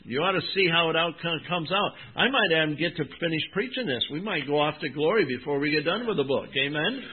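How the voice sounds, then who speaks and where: Male preacher, slightly high voice, emphatic scripture reading, thin phone-like recording. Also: expressive, husky. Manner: emphatic, drawn-out Bible reading, rising and dropping in volume; addresses listeners as "my friend" and "folks". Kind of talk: sermon.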